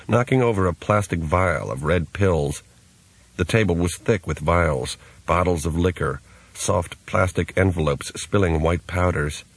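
A male audiobook narrator with a deep, husky voice and a measured, even delivery. The recording is dry and close, with no room sound. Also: no room sound. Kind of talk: scripted narration.

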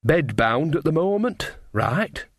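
A man's voice: on the high side, very animated, slow pace, dry recording, studio quality, voice pushed up, heavily acted. A man voicing an earthy, chatty old witch woman in an audiobook. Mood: blunt. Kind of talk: audiobook character voice.

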